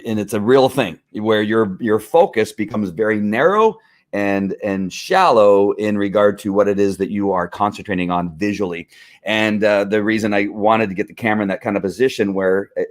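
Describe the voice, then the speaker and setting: A middle-aged man hosting a live stream on police training, talking in an earnest, fired-up way with many restarts and fillers. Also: on the low side. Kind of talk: live-streamed casual talk.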